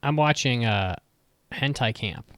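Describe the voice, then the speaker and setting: A man's voice: mid-range voice, animated, measured pace, fairly bright tone, no echo, studio quality. A man co-hosting a podcast in casual chat, joking and teasing. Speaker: podcast co-host.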